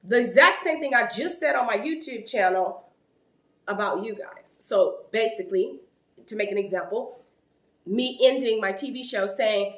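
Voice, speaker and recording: A woman vlogger telling a story in an animated way and acting out conversations. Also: on the high side, normal speed, roomy sound. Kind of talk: storytime vlog.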